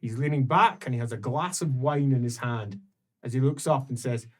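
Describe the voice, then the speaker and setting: A man serving as game master, narrating an improvised tabletop game with unhurried, descriptive narration. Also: medium pitch.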